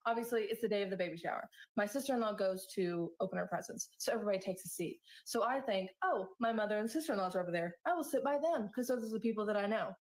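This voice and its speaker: A woman's voice: mid-range voice, fast, few pauses. A woman telling a storytime monologue in an aggrieved tone.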